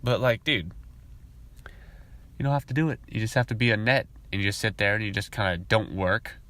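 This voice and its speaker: A man hosting a podcast, talking in a casual, rambling monologue full of profanity, and sometimes mimicking coworkers in high voices. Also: moderate pace, a bit bright. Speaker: podcast host.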